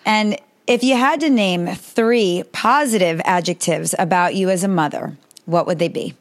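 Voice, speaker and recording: A woman's voice: fairly low pitch, normal speed. A woman in her forties hosting a podcast, asking set questions and responding with encouragement. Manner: upbeat, encouraging, scripted questions. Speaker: podcast host. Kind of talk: interview hosting.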